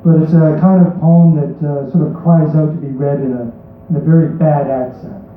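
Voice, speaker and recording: A man at a live poetry reading, his voice set slightly high for a man. He speaks from well off the mic in a very echoey bar. The sound is thin and phone-like, and his asides between poems stumble along with lots of "uh.". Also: steady tone, recorded from a distance, slight background noise. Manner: halting asides full of fillers between poems. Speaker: poet.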